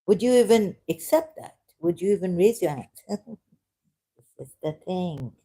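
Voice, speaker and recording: A woman's voice: lowish voice, lively intonation, measured pace, mellow, breathy edge. A woman giving casual, sarcastic commentary while reading aloud from a screen. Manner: sarcastic, mocking. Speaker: video creator.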